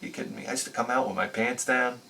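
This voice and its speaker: Bright-voiced, fired-up storytelling man. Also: medium pitch, quick pace, gravelly, far from the mic. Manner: animated, profane, laughs at his own stories. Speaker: retro game channel host. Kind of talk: rambling storytelling review.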